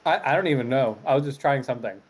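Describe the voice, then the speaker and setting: A man coaching chess in a relaxed, teasing, casual way. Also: mid-range voice, rapid-fire.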